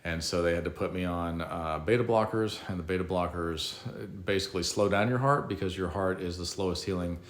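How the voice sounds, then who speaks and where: Brief: middle-aged man, very low voice, casual self-deprecating storyteller, echoey room. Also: a little fast, hardly any pauses. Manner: conversational, self-mocking, reflective.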